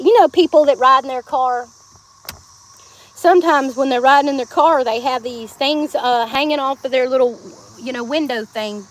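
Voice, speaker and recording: A high-pitched woman with a Southern accent chats freely with her live-stream viewers from outdoors. She laughs a lot and sings bits of songs as she goes. Faint insect sounds hum behind her phone mic. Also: a bit bright. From Georgia, US South. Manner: chatty, laughs often, sings snatches of songs. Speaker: livestreamer. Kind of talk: casual live-stream chat.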